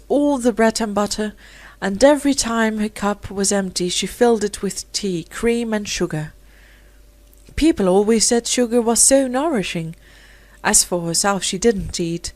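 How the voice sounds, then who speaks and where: A woman's voice: mid-range voice, darkish tone, no echo. Woman narrating a classic story. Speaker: audiobook narrator. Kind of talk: scripted narration.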